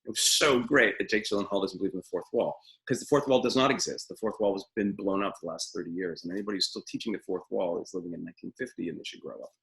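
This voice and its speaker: Low, gravelly middle-aged acting teacher. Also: male voice, fast, fairly bright tone, rough recording. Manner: opinionated, rambling, many fillers. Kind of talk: live webinar lecture.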